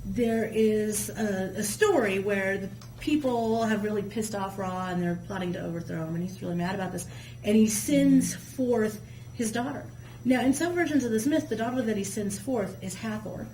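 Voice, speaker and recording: A woman guest telling myths in casual, colloquial chat, with a lively storyteller's manner. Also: mid-range voice, moderate pace. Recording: echoey room with faint hum.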